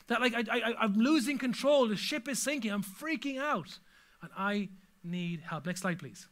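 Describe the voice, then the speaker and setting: A man's voice: high voice, pushed and bright. A man preaching a sermon as pastor, telling stories with humor and animation.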